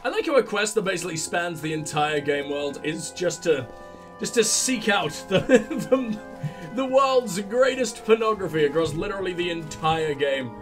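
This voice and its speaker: Sick, crude, high-voiced man narrating gameplay, faint music. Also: lively intonation, normal speed. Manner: crude, joking, heavy swearing. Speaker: let's play host. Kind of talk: gameplay commentary.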